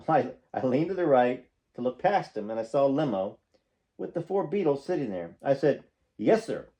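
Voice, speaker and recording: A man's voice: mid-range voice, sing-song, normal speed, dark tone. A man hosting a channel, reading a book aloud and stopping often for casual, folksy comments. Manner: breaks off to comment, folksy and conversational.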